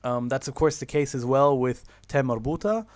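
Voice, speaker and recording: A man gives a recorded lesson in a mid-range voice, heard close and dry with no room echo. He explains step by step, filling pauses and correcting himself. He draws out each example word slowly. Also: medium pitch, a little mellow. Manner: explains step by step with many fillers and self-corrections; slows down to drawn-out example words. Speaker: teacher. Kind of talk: recorded online lecture.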